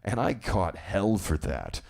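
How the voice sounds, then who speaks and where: Very deep, gravelly rambling male host. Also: slow. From southern United States. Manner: rambling, animated storytelling. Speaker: live-stream show host. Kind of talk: casual live-stream chat.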